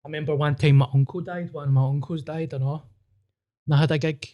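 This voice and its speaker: A man's voice: a little high, steady tone, fast, warm tone, dry recording, dull audio. A man with a Glaswegian Scottish accent, a comedian hosting a podcast, chatting bluntly with sweary, self-mocking banter. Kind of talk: casual podcast chat.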